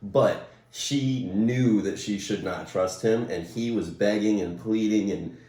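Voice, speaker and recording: A man with a very low voice answers questions in an easygoing, chatty manner. His tone is mellow and warm, and the recording has the roomy echo of a bare room. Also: measured pace, distant mic. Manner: relaxed, conversational, with fillers. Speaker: interviewee. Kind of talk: casual conversation.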